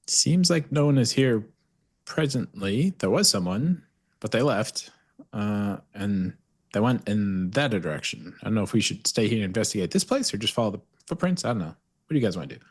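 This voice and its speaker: Low husky player thinking aloud. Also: male voice, big pitch swings, a little fast. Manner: thinks aloud, listing options. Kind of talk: tabletop game play.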